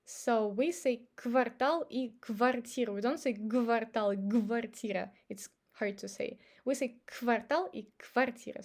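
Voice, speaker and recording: A woman's voice: a little high, a little mellow. A woman with a Russian accent, a native speaker of Russian, patiently explaining pronunciation rules step by step in a language lesson.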